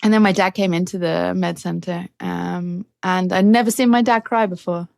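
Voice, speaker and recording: A woman's voice: lowish voice, fairly even intonation, moderate pace, gravelly, dry recording, clean studio sound. A middle-aged English woman, a racing driver, candidly telling stories in a podcast interview and laughing often. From England.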